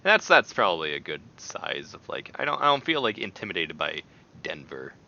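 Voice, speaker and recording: A man rambling and exclaiming in a casual, animated way as he chats on camera. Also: low-pitched, fairly quick, vocal fry, highs cut off, slight background noise. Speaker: video creator. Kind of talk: casual chat while taste-testing.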